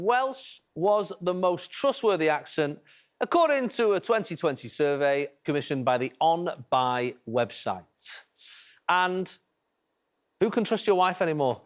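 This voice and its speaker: A man's voice: a little high, sing-song, a little slow, a bit bright, a faint crowd. A man hosting a TV quiz show in a studio, chatty and teasing with the contestants. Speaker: game show host. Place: TV studio with audience.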